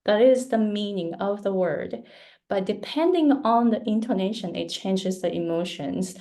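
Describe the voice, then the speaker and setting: Slow, mellow-voiced Japanese-native woman. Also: mid-range voice, lively intonation. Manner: patient, explanatory, gives examples. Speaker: guest speaker. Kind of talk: online webinar Q&A answer.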